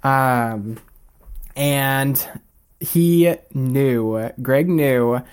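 A young man in his twenties, a podcast guest, telling a personal story in a casual, animated way and acting out the people he quotes. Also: medium pitch, very slow, clear, resonant tone.

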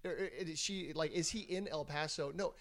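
A man's voice: a little high, moderate pace, fairly bright tone. A man co-hosting a podcast, chatting casually and thinking aloud with restarts. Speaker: podcast co-host. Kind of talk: casual chat.

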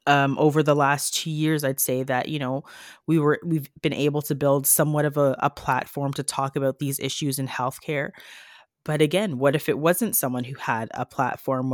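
A woman's voice: very deep voice, no room sound, clean studio sound. A woman who works as a nurse, talking earnestly in a podcast conversation, with many fillers and restarts. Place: Canada.

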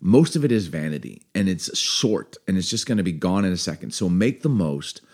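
A man's voice: deep voice, very animated, fairly quick, a little mellow. A man co-hosting a family podcast as the father, chatting casually, laughing often and giving earnest advice.

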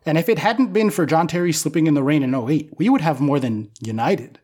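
Young male co-host, slightly high, loose and excitable, swears in casual chat. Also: a little fast, husky. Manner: excited, swears freely, rambling fan talk. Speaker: podcast co-host.

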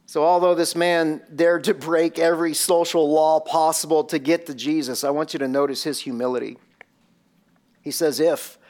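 A man's voice: on the high side, steady tone, moderate pace, a little mellow. A man preaching a sermon and retelling a scene vividly, with many rhetorical questions. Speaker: pastor.

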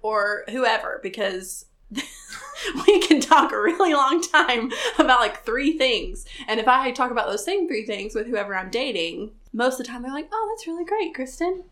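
Young woman co-host, bright and fairly high, animated storyteller in casual chat. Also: normal speed. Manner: animated storyteller, acts out quoted lines.

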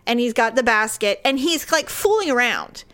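A woman co-hosting a casual chat, with a somewhat high voice. She tells stories in an animated, self-deprecating way and lifts her voice further when she quotes people. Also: normal speed.

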